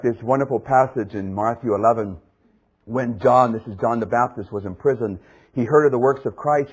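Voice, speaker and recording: A man preaching a sermon, swinging from loud exclamations to hushed, low passages. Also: husky, poor audio.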